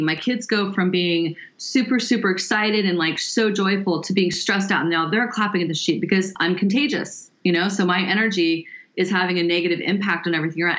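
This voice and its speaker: A woman with a fairly low voice talks as an interview guest. She tells her story with animation and stretches key words for emphasis. The recording sounds dull and lo-fi. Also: a bit bright. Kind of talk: conversational storytelling.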